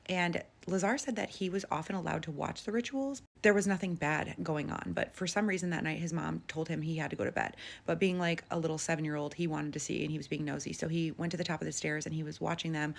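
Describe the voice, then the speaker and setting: Fast-talking low-voiced woman with vocal fry. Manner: conversational, with frequent filler "like". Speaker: storyteller. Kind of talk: casual retelling of a paranormal story.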